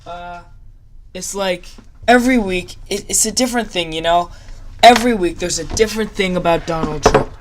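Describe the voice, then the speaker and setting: A man's voice: sits high, normal speed, slight background noise. A man giving casual reaction commentary in a sarcastic, mock-enthusiastic ranting way. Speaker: YouTube commentator.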